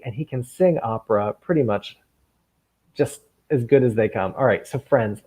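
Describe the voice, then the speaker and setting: A man hosting a kids' camp video call from his room at home, gushing and excitable. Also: medium pitch, husky. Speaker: guest host, camp counselor.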